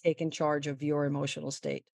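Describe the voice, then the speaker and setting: A woman golf mental-game coach giving a long, animated interview answer and acting out the quotes in her story. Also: sits low, a little fast, gravelly, no room sound, studio quality.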